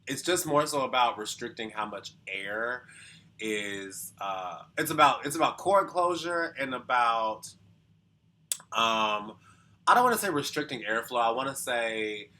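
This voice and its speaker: A man's voice: medium pitch, lively intonation, a little slow, sharp tone. A man talking as a vocal coach in casual reaction commentary, explaining thoughtfully with lots of hedging and sometimes singing short demos.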